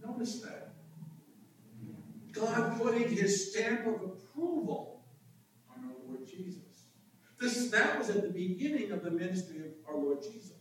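A male pastor preaches in an animated, explanatory way, often restarting his phrases. His voice sits high for a man. It comes from a distant mic in a strongly echoing room with faint ambient noise. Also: measured pace, pauses often. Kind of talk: sermon.

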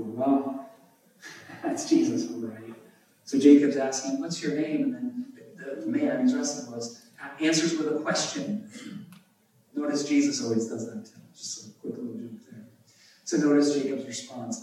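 A man preaching a sermon and reading scripture aloud, animated and emphatic, his voice jumping up on key words. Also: medium pitch, unhurried. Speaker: pastor. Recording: echoey room, voice from a distance.

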